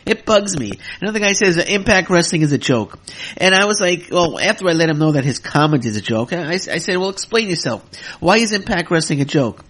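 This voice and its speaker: A man's voice: fairly high pitch, animated, fairly quick, a bit bright. A man hosting his own wrestling podcast, ranting in a heated, exasperated way, with many fillers and some cursing. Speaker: podcast host. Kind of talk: solo wrestling podcast rant.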